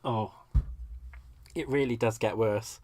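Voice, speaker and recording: A man's voice: fairly low pitch, fairly even intonation, takes it slowly, darkish tone. A man from Britain hosting a live crafting stream, chatting casually and laughing at his own mistakes as he works. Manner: chatty, self-deprecating, laughs often. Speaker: crafting livestream host.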